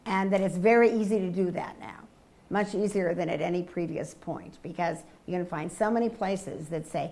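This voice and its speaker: Gravelly older woman lecturer. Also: lowish voice, a little mellow. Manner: measured, thoughtful, frequent affirming yeahs. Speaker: guest lecturer. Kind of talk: public Q&A.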